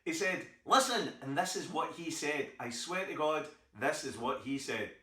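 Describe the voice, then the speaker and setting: Scottish stand-up comic, middle-aged male, bright and a bit high, mimics his characters; heard from afar in a reverberant hall. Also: normal speed. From Scotland. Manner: storytelling, acting out others' voices. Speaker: stand-up comedian. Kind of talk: stand-up routine. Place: theatre stage. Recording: echoey theatre from far off.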